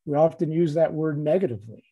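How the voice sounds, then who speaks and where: A man giving a reflective dharma talk in a measured way, repeating phrases and leaving long pauses. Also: fairly high pitch, husky, narrow, tinny audio.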